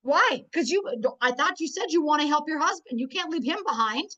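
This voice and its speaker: A woman with a high voice hosts a team sales call, coaching with energetic, preachy conviction. Her audio comes through dull and lo-fi, as on a video call. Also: a little fast. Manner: energetic, preachy, drops to a near-whisper at times.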